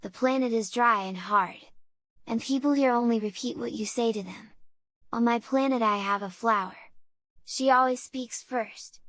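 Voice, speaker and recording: A gentle little prince from a storybook, wondering aloud in simple, earnest questions, as a woman reads him. The voice sits a little high and is recorded close and dry. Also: moderate pace, no room sound, natural voice. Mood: musing.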